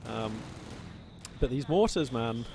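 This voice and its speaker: Male game caster, casual and playful, average pitch, gunfire and engines loud in the mix. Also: vocal fry, noisy background. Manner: chatty, playful, quick excited reactions. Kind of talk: live play-by-play game commentary.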